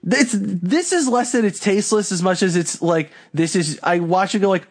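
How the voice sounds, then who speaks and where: A young man co-hosting a casual podcast, venting in profane, exasperated rants. His voice sits a little high for a man, and the talk is loose and conversational. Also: normal speed. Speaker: podcast co-host. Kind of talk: casual chat.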